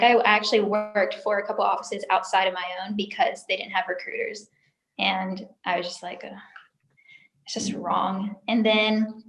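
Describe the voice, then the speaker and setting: A young woman speaks candidly as an interview guest, emotional and chatty, leaning on frequent filler words. Her voice sits at a middle pitch and carries a noticeable room echo. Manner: emotional, talkative, lots of "like" fillers. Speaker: interview guest, former sales recruiter. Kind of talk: candid personal story in an interview.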